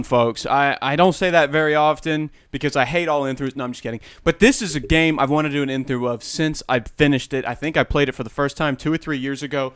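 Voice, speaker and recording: A man's voice: a little high, fairly even intonation, fast talker, hardly any pauses, fairly bright tone, clear, resonant tone, dry recording. A young American man doing joking let's-play commentary, full of irreverent asides. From United States. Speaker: gameplay commentator.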